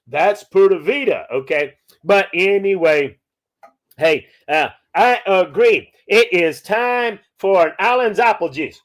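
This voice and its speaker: A man's voice: high voice, animated, takes it slowly. A folksy man, hosting a live chat and answering viewer questions, often tagging his points with "okay?". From Louisiana. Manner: folksy, peppers talk with "okay?". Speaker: podcast host.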